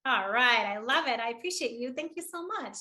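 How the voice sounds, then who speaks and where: A woman leading an online public speaking workshop, energetic and encouraging, often laughing. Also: on the high side, a little fast. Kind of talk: upbeat online workshop coaching.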